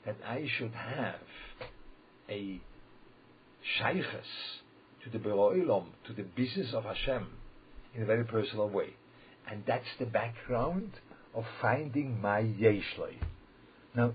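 A man with a fairly low voice preaches a holiday sermon. He speaks haltingly, stumbles over repeated words and restarts his sentences, and often checks that his listeners follow. The recording sounds slightly dull and lo-fi. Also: slight background noise. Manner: checks in with listeners, asking "yeah?". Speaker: religious teacher.

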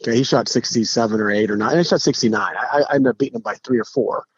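A middle-aged man, a podcast guest, telling stories in a casual, animated way, with frequent restarts and acted-out quotes. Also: mid-range voice, fast talker, husky, no room sound. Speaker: podcast guest, pro golfer. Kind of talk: casual storytelling. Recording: dull lo-fi podcast audio.

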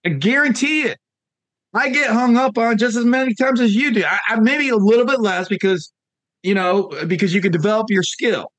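A man's voice: high-pitched, fairly quick, a bit bright, no echo. A man coaching real estate agents in a casual motivational talk, telling stories with lots of fillers and repeated phrases. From Northern Virginia, USA.

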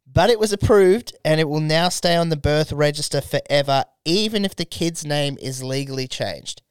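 A man's voice: on the high side, moderate pace, smooth, no room sound. A young Australian man, a podcast co-host, in crude comedy banter, swearing often and laughing between lines.

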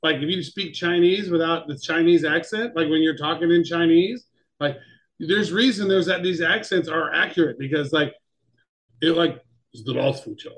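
High-voiced rambling male co-host. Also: normal speed, fairly bright tone, poor audio. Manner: rambling, lots of fillers. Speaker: podcast co-host. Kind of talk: casual chat.

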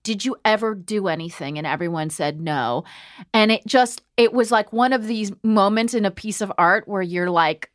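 A woman's voice: medium pitch, normal speed, no echo, clean studio sound. A woman hosting a podcast, talking in an impassioned, rambling way with many fillers and some swearing. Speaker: podcast host. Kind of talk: casual discussion. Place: New York.

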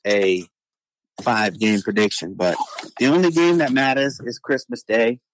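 A man's voice: medium pitch, normal speed, a little hiss or hum. A man co-hosting a casual sports podcast, making brash, punchy calls in slangy banter. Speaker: podcast co-host.

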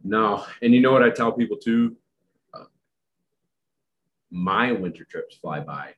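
A man's voice: on the low side, lively intonation, measured pace, phone-quality sound. A man hosting a casual podcast, a dog trainer who chats in a rambling, joking way. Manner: chatty, rambling, self-deprecating joker.

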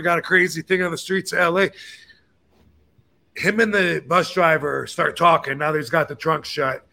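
A man's voice: fairly high pitch, normal speed, vocal fry. A man in his fifties, hosting a podcast, telling a rambling story in casual chat and acting out the voices and curses of the people in it. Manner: animated, acts out quoted dialogue with cursing. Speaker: podcast host.

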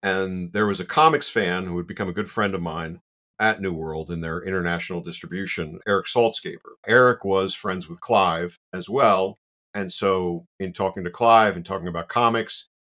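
Low-voiced guy telling a story, animated, pokes fun at himself, lots of you know. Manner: animated, self-deprecating, many "you know" asides. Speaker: guest. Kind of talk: casual anecdotal storytelling.

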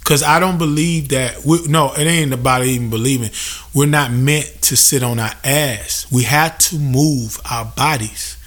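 A man's voice: mid-range voice, measured pace, fairly bright tone. A young man hosting a podcast, venting in a profane, emphatic comedic rant and mimicking customers. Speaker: podcast host.

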